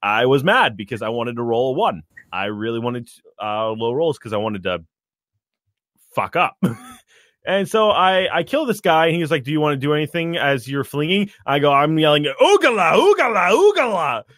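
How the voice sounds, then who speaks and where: A man telling a tabletop game story in a casual chat, animated and acting out his character's shouted lines. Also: mid-range voice, normal speed, no echo, clean studio sound.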